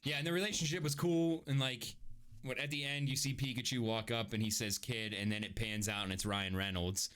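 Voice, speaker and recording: A young man co-hosting a casual podcast chat, animated and profane, breaking into laughter often. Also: medium pitch, brisk. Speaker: podcast co-host.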